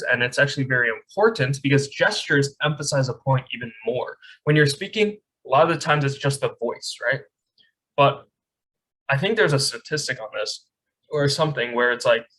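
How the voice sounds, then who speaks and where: A young man teaches a speech class from his desk over a video call. He speaks in a loose, conversational way and keeps checking in with his students. His voice sits at a middle pitch for a man. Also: a bit bright, rough recording. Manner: conversational, often ends points with "right?". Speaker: speech camp instructor. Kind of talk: online lecture. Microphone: webcam on a video call.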